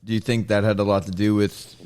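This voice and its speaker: A man's voice: lowish voice, flat delivery, fast talker, a little mellow, smooth, no echo. A male podcast host asking long, rambling questions full of fillers and restarts. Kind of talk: casual interview.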